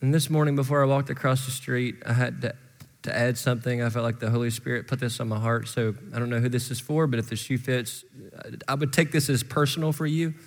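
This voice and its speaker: A man in his forties preaching a sermon as pastor, moving from relaxed storytelling to fervent appeals to parents. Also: medium pitch, quick pace. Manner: conversational storytelling rising to impassioned exhortation. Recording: long reverb in large hall.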